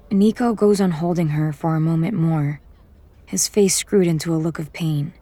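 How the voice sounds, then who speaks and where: Brief: woman narrator, lowish voice, measured first-person storytelling. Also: dark tone.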